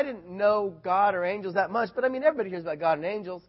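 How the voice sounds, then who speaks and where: A man preaching from the pulpit, his voice pitched high as he tells a story. He turns animated and loud at the exciting parts. The recording sounds dull and lo-fi. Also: fast talker, few pauses. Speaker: pastor. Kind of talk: sermon with personal story.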